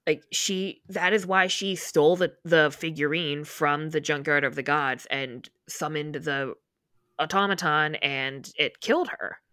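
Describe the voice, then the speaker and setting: A woman's voice: low-pitched, unhurried, bright, forceful tone, no room sound, clean studio sound. A woman co-hosting a podcast, casually retelling scenes from a book and acting out the characters' lines. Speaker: podcast co-host.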